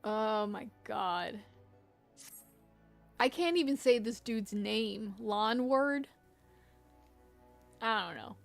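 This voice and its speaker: A woman chats casually while streaming a game, giggling and poking fun at herself. Her voice is gravelly and a little high, and she talks slowly. Faint game music runs in the background. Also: expressive. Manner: giggly, self-deprecating asides. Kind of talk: casual gameplay commentary.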